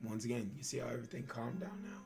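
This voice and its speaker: A man streaming a game, talking to a friend in a loud, emphatic, excitable way full of slang. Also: medium pitch, fast, vocal fry, echoey room, recorded from a distance, faint music behind. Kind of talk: streamer commentary while playing.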